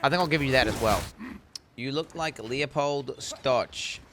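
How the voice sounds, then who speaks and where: A young man streaming a game, chatting casually with lots of swearing and sudden excited yells. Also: medium pitch, a little slow, a little hiss or hum. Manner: profane, rambling, bursts into excited yells. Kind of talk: casual live-stream gaming chat.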